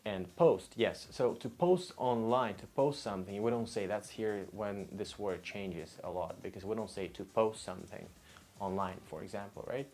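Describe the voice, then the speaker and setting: A man with a Russian accent teaching vocabulary in a casual lesson, patiently repeating each word several times, with a relaxed manner. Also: lowish voice, normal speed. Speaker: language teacher.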